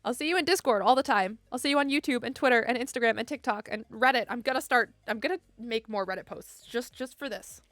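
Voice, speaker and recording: Young woman streamer saying bye to chat, kinda high voice, laughs a lot, emotional, dry close mic w/ faint music behind. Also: quick pace, few pauses, fairly bright tone, no echo. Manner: emotional, laughing often, talking directly to chat. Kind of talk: casual goodbye stream chat.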